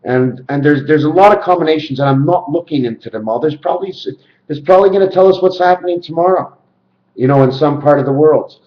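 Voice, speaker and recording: A man talking to camera in a rambling monologue, jumping into quoted voices with sudden pitch leaps. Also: quick pace, reverberant, muffled recording. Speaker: video maker.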